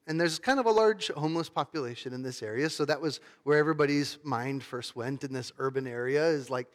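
A male pastor giving a sermon in a conversational storytelling manner, swinging between loud emphasis and hushed, quiet tones. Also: fairly high pitch, quick pace, few pauses, big-room sound.

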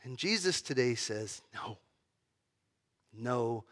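A man's voice: mid-range voice, expressive, takes it slowly, a bit bright. A man giving a sermon as pastor, talking in a conversational way with fillers and restarts.

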